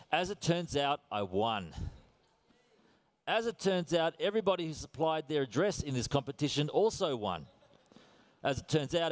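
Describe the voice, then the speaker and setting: A middle-aged Australian man preaching a sermon in a relaxed, conversational way, telling stories with self-deprecating humor. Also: on the low side.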